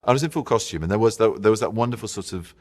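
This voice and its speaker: Fast-talking low-voiced man. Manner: quick, self-mocking storytelling with impressions. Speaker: interviewed actor. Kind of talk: anecdotal interview answer.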